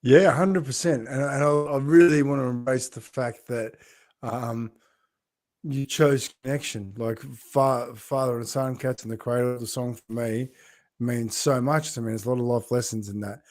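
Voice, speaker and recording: Male host, mid-pitched, eager and talkative on a live video call. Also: fairly even intonation, normal speed, darkish tone. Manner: enthusiastic, lots of restarts and "right?" tags. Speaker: interview host. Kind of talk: casual live-stream interview.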